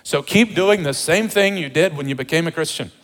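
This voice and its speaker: A pastor preaching a sermon with emphasis, repeating rhetorical questions to the congregation. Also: male voice, fairly high pitch, fairly quick, a bit bright, long reverb tail.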